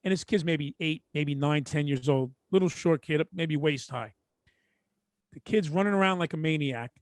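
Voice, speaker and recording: A middle-aged man with a New York accent tells a story on a podcast, animated and chatty. His voice sits a little high. The sound is dry and close to the mic. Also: normal speed, no echo. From Brooklyn, New York. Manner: animated storyteller, mimics people in quotes. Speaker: podcast co-host. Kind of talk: casual storytelling chat.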